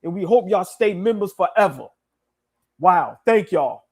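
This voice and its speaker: A man's voice: high-pitched, lively intonation, unhurried, husky. A young man co-hosting a live sports stream, sentimental and repeating himself as he thanks viewers. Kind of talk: emotional live stream chat.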